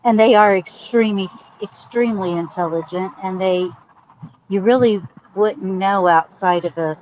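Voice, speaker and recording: A woman's voice: medium pitch, moderate pace, a little mellow. A woman chatting about a news case, opinionated and indignant. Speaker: co-host. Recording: dull lo-fi sound with faint noise.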